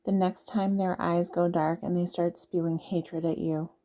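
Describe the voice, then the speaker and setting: A woman's voice: lowish voice, little pitch movement, moderate pace, warm tone. A woman speaking earnestly and directly to the listener in a casual advice monologue, repeating her points. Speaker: vlogger giving relationship advice.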